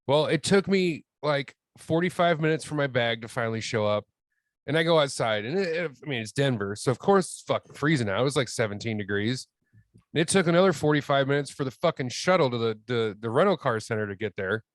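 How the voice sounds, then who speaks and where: A man's voice: mid-range voice, expressive, fairly quick, dry recording. A man telling a story on a podcast in a grumbling, heavily profane way. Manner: grumbling, heavy swearing. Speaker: returning podcast guest.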